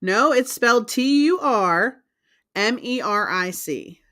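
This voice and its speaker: Brief: female co-host, fairly high and very lively pitch, insistent and argumentative in casual chat. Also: slow. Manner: insistent, argumentative, spells words out. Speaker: co-host of a live reselling stream.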